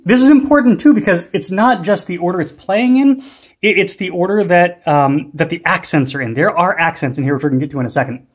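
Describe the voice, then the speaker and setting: A man's voice: sits high, a little fast, breathy edge. A man hosting a music gear tutorial, explaining casually and unhurriedly with frequent ums and restarts. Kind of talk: casual instructional demo.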